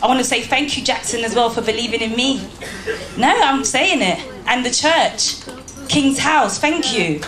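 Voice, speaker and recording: A woman with a fairly high, expressive voice delivers a motivational talk at a moderate pace to a live audience in a church hall. She speaks emphatically and fires rhetorical questions at the listeners, with a roomy hall sound and faint background ambience.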